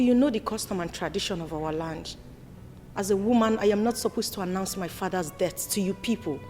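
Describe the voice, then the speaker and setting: A woman's voice: medium pitch, close to an everyday voice. A young adult woman with a Nigerian accent playing an angry grown daughter who scolds her family in a film drama. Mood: grave. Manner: indignant, sharp, rapid scolding.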